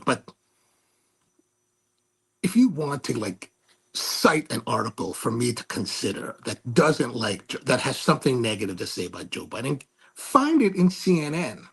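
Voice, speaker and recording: A man's voice: medium pitch, big pitch swings, normal speed, creaky, slightly rough. A man hosting his own show, telling a rambling, snarky story with many restarts. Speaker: host. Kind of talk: casual monologue.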